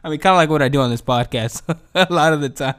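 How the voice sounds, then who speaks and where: Animated, cussing podcast man. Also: on the high side, a little fast, clear, resonant tone. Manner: profane, rambling, swings from mumbling to excited outbursts. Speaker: podcast host. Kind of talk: casual solo podcast rant. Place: home.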